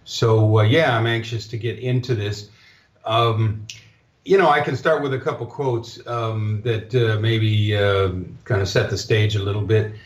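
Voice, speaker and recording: A man's voice: fairly low pitch, steady tone, measured pace. A man speaking as a guest in a casual interview, hesitant, with many fillers and restarts. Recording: echoey dull lo-fi line.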